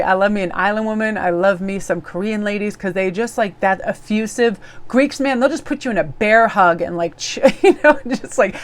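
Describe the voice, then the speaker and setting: A woman's voice: medium pitch, normal speed. A woman giving a casual daily tarot reading in a bubbly, effusive, chatty way. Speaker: tarot reader.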